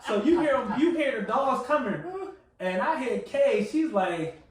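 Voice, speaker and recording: A young man with a very high, lively voice spins a story for his co-host, laughing between lines and acting out the other people's parts. He sounds well back from the mic in a very echoey room. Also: measured pace. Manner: animated, laughing often, acts out quotes. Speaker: podcast co-host. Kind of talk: casual storytelling chat. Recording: roomy echo, distant mic.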